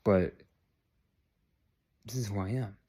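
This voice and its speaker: A young adult vlogger takes his time, his lowish voice mellow and slightly rough. Looking into the camera, he delivers an earnest, repetitive monologue, closing his points with "all right?"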